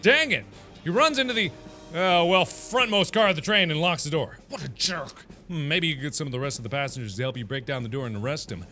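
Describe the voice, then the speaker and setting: A man's voice: fairly high pitch, fast, soft background music. A man hosting a let's play, reading a text game aloud and joking about it. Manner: animated, joking.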